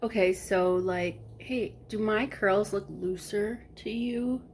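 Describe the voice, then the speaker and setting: A woman's voice: medium pitch, slow pace, slightly rough. A woman chatting casually to the camera from home, rambling between topics and sometimes dropping to a whisper. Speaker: vlogger. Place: at home, working from home.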